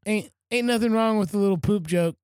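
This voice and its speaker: Jokey male podcast co-host, higher voice, dry close mic. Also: a little fast, darkish tone, smooth, no room sound. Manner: jokey, rambling, laughs easily. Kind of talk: casual chat.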